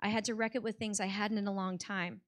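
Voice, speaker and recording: A woman's voice: mid-range voice, little pitch movement, fast talker. An American woman telling a personal story on stage before a live audience, in a heartfelt conversational way with many "like" fillers.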